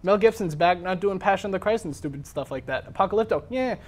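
Man, co-host, casual debate chat, rapid-fire delivery, slightly high voice, joking and sarcastic. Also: expressive, darkish tone.

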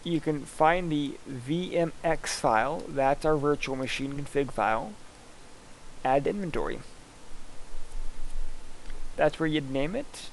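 A man instructor talking casually through a screen-recorded software lab, thinking aloud as he clicks through each step. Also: fairly high pitch, slow pace, pauses often, slight background noise, rough recording.

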